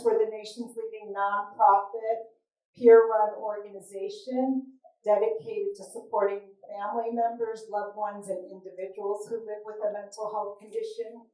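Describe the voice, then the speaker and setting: A woman's voice: medium pitch, dark tone. A woman, the executive director of a nonprofit, welcoming a live audience and explaining what her organization does. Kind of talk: welcome speech at a live event. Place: event venue before a live audience. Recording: echoey room recorded from a distance.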